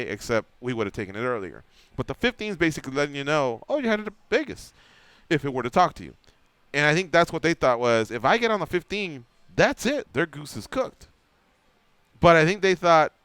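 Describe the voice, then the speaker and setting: A man's voice: fairly high pitch, clean tone, dry recording. A man hosting a radio show, telling a long anecdote in casual chat and acting out the quotes. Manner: animated storyteller acting out quotes. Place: radio studio.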